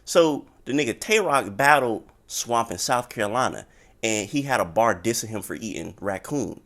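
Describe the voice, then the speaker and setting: A man hosting a podcast from Florida, chatting loosely and joking in quick bursts over a call. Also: medium pitch, animated, a bit bright. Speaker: podcast host. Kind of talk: casual chat. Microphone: remote call mic.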